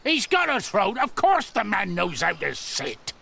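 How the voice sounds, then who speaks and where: A man's voice: sits high, wildly swooping pitch, unhurried, vocal fry, bright, forceful tone, full character voice. An actor playing a lazy, cheeky male builder in a game, mocking and bickering. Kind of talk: game voice acting.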